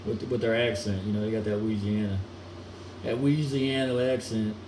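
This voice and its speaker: A man's voice: on the low side, fairly even intonation, moderate pace. A man delivering a crude, mocking, rambling rant, chuckling now and then. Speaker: solo ranting vlogger. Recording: echoey room with air conditioning hum.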